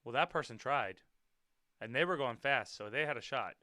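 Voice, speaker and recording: Excitable man reacting to dash cam clips. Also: mid-range voice, normal speed, no echo, clean studio sound. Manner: excitable, loud outbursts and swearing; drops to quiet muttering asides. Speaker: podcast host.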